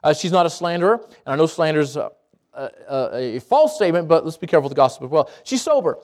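A man preaching a sermon to a congregation, lively and conversational, with jokes, asides and quick self-corrections. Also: a little high. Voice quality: speaks around braces. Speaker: pastor.

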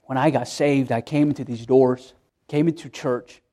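A man's voice: medium pitch, fairly even intonation, moderate pace, warm tone. A middle-aged man, a pastor, preaching an earnest sermon in church, repeating himself and restarting phrases as he pleads with his listeners.

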